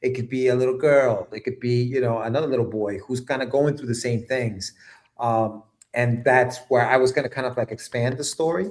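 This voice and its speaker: A man talking as the guest of an interview show, at an average pitch. He rambles in a relaxed way, filling gaps with ums and likes as he explains. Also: brisk. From immigrant to the United States at age seven. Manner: relaxed, rambling, with fillers and laughs. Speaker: guest writer and letterer. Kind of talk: casual interview chat.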